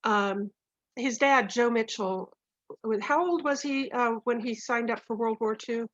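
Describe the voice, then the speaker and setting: A woman's voice: fairly high pitch, measured pace, fairly bright tone, no room sound. A woman in her sixties introducing her husband's poems in a casual chat, gushing and laughing often. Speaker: co-host, poet's wife. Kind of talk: casual introductions on a video call. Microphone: computer mic on video call. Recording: dull lo-fi video call audio.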